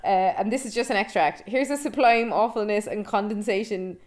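A woman's voice: mid-range voice, a little fast. A woman co-hosting a podcast, chatting and laughing as she reads out bits of a film review. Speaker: podcast co-host. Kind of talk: casual chat reviewing a film.

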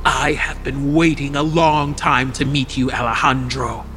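A woman voicing a menacing female horse-faced shapeshifter spirit, with a coarse, growling voice and a slow delivery that sinks into a breathy whisper. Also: very deep voice, steady tone, fairly bright tone, slight background noise, voice pushed down. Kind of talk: audio horror story narration.

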